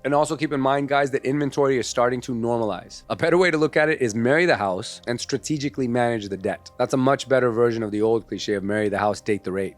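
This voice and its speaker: A man, a mortgage advisor giving confident, advisory market explanations straight to viewers. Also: medium pitch. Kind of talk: scripted explainer to camera.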